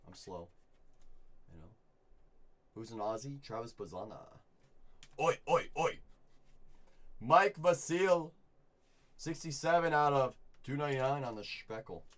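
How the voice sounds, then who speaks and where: A man hosting a live card break, chatting with viewers and calling out each pull with bursts of excitement. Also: lowish voice. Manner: upbeat, chatty, reads chat and calls out pulls with bursts of excitement.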